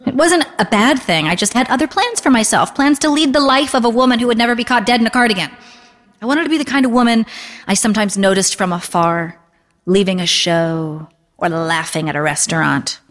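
Deadpan woman reading a story, echoing. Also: fairly high pitch, a little fast. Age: 30s. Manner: dry, deadpan, understated. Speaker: narrator.

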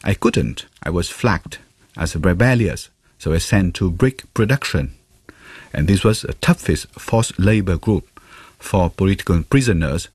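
Deep, husky man reading a translated voice-over. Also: lively intonation, a little slow, darkish tone, no room sound. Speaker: interpreter voice-over.

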